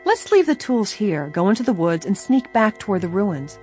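A cool-headed young girl detective gives steady, confident directions, as a woman reader puts her on. Her voice sits a little above the reader's own, even and assured. Soft music lies under the storybook reading. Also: medium pitch, normal speed, lightly acted. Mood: calm. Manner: calm, confident.

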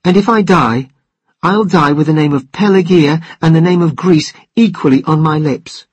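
A man reading the part of a passionate young island man heading to war, speaking in proud, dramatic declarations with a husky voice. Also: a little high, moderate pace, no room sound. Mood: proud, defiant.

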